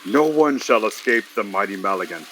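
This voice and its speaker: A menacing dark spirit declaiming his own name, in a fairly low voice, as a man puts him on at the game table. Clear background noise runs under the recording. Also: racing, close to an everyday voice. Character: vengeful male dark spirit possessing a knight.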